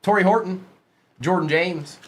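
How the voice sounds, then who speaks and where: A man's voice: high voice, moderate pace, a little hiss or hum. A man hosting a live sports card break, reading out player names from the pulls and chatting casually with viewers in the stream chat.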